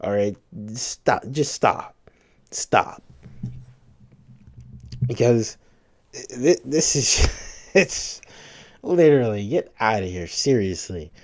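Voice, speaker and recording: A man's voice: mid-range voice, lively intonation, takes it slowly, dry recording. A tired man ranting, profane and rambling, full of false starts and repeated words. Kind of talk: ranting to camera.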